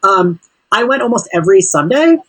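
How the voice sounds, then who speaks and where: Husky-voiced podcast host, relaxed storyteller. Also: medium pitch, a little fast, far from the mic, rough recording. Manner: relaxed storytelling, filler-heavy. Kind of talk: casual chat.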